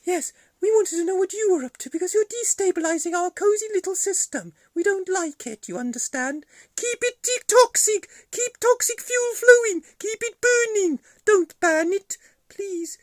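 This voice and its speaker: A squeaky, shrill male toy figure whining and pleading for the old ways, as a man puts him on for a puppet bit, high and strained. The voice swoops a lot in pitch. It sounds close and dry. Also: lively intonation, normal speed, no echo. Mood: pleading, indignant.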